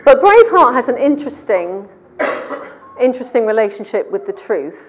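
A woman's voice: on the high side, very animated, moderate pace, highs cut off, slight background noise. A woman preaching a sermon in church, talking conversationally and quizzing her congregation.

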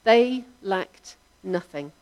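A woman preaching a sermon, in a measured, reflective delivery whose line ends trail off softly. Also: medium pitch, animated.

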